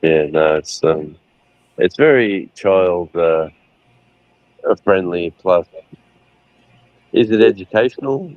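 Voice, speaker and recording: Middle-aged man, casual rambling co-host, low voice, dry and dull mic. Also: animated, slow pace, pauses often, no echo. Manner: rambling, laughing retellings. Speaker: livestream co-host. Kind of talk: casual chat.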